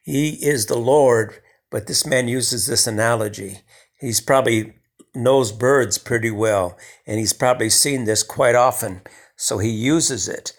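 Guy preaching a sermon, chatty and conversational, gets loud on a point then goes real soft. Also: medium pitch, measured pace. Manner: conversational, with emphatic swells and hushed soft passages.

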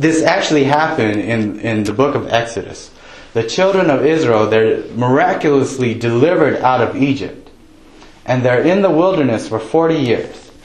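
A man preaching a sermon in a relaxed, joking, conversational way, raising his voice when he acts out people's prayers. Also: medium pitch. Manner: conversational, jokey, quotes prayers in raised voice. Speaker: pastor. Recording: roomy echo.

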